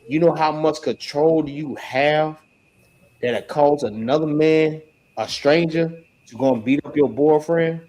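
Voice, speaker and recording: Male scripture teacher, animated and slangy, fairly high voice, unhurried. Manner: animated, slangy, laughs often. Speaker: religious teacher.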